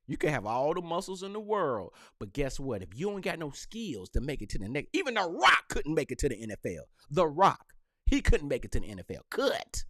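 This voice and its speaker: A young man hosting a live podcast, riffing in slang with an animated, joking manner. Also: a little high, brisk, dry recording, studio quality. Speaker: podcast host.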